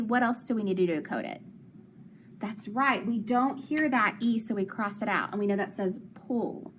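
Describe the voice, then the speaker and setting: A woman's voice: fairly high pitch, slight background noise. Woman teaching a patient phonics lesson. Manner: patient, encouraging, asks questions and praises. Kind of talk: phonics lesson for young children.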